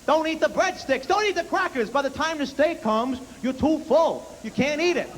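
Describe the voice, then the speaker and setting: A man's voice: very high-pitched, normal speed, voice pushed up. A man putting on a paranoid New York dad. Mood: griping. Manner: whiny, exasperated ranting. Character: paranoid older New York father, ranting and suspicious. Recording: reverberant hall with faint hiss.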